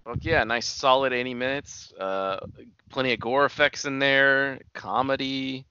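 A man's voice: medium pitch, steady tone, unhurried, sharp tone, clear, resonant tone, dry recording, lo-fi sound. A man co-hosting a podcast, bantering casually and swearing now and then in a laid-back way. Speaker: podcast co-host. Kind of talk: casual chat.

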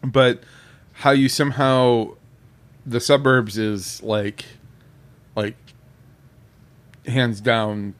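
A man's voice: medium pitch, flat delivery, extremely slow, long pauses. A man co-hosting a casual podcast chat, inquisitive and enthusiastic. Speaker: podcast co-host.

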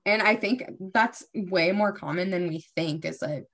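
A woman's voice: lowish voice, moderate pace, a crowd in the background. Young woman telling stories on a podcast. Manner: storytelling, acts out her own past lines. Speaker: co-host, spiritual medium. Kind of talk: casual podcast chat.

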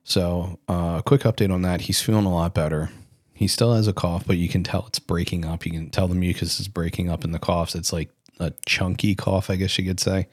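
A man's voice: sits low, steady tone, a little fast, dry recording, clean studio sound. A man in his thirties hosting a solo podcast, telling stories in a rambling, self-correcting way. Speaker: podcast host. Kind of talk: casual solo podcast talk.

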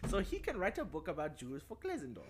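A man's voice: a little high, wildly swooping pitch, measured pace, noisy background, full character voice. A man doing a hammy mock German accent. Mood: pompous. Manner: pompous, shouty mock-German reading. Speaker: podcast co-host.

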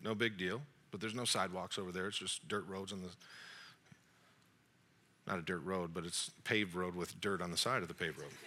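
Man, 40s, pastor, storytelling sermon, very bright voice, jokey, acts out dialogue. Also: low voice, fairly even intonation, moderate pace, a little hiss or hum. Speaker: young adult pastor.

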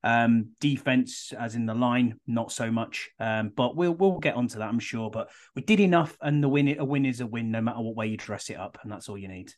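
A man's voice: mid-range voice, fairly quick, hardly any pauses. Man guest on a podcast. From Britain. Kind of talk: casual sports podcast chat.

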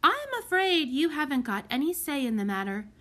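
A woman voicing a bossy, clever young orphan girl who gives firm orders in a lively, high voice. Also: moderate pace.

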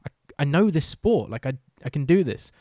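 A man's voice: a little high, very animated, fairly quick, mellow, dry recording, clean studio sound. A British man hosting a casual chat, a sports commentator who talks in a loose, self-deprecating way with many restarts.

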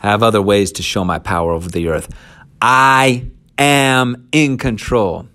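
A man's voice: lowish voice, measured pace, pushed and bright. A man putting on a commanding deity in a casual scripture retelling. Each line is firm and assured, and he declares his power over everything around him.

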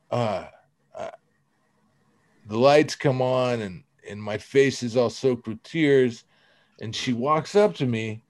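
A man's voice: mid-range voice, darkish tone. A man telling his own recovery story on a podcast, earnest and casual, often dropping "man".

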